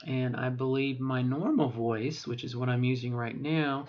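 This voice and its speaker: A woman's voice: very deep voice, moderate pace, darkish tone, slight background noise. A middle-aged trans woman speaking in her unaltered voice for a voice training vlog, meandering and hesitant, correcting herself often. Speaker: vlogger. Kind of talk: voice training vlog, rambling self-talk. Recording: dull lo-fi recording.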